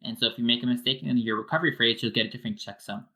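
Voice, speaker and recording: A man's voice: medium pitch, racing, sharp tone, low-quality recording. A man, a wallet developer, giving a casual technical explanation step by step with many fillers.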